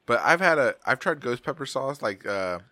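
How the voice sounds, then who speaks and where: A man's voice: mid-range voice, big pitch swings, normal speed, bright, forceful tone, no room sound. A middle-aged man, co-hosting a podcast and telling rambling, profane stories in casual chat. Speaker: podcast co-host.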